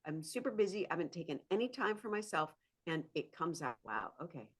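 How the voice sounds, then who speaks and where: Husky and fairly low-pitched, this woman talks quickly as a guest on a podcast interview. She's a psychotherapist shifting toward coaching, and she's animated, voicing inner thoughts aloud and laughing frequently.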